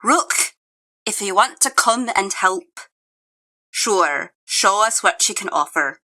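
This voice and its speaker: A woman at a tabletop game speaks directly and a little crankily, her mid-range voice bright and forward. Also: on the low side, low-quality recording. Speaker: player. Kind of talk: tabletop role-play chat.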